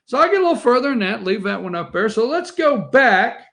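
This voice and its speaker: Bright, lively high-voiced man. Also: a little fast, creaky. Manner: rambling, chatty, talks straight to viewers. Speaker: morning show host. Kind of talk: casual storytelling over family photos.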